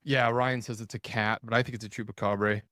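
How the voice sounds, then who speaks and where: A man, a podcast guest, telling a story in a casual, animated way, full of "like" and scenes he acts out. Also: fairly low pitch, fast talker, dry recording, studio quality. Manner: animated, retells scenes with quoted dialogue and filler "like".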